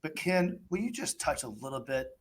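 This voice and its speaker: A man moderating a video-call panel who asks the guests questions. He talks in a relaxed, encouraging and loose way. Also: medium pitch, moderate pace, a little hiss or hum.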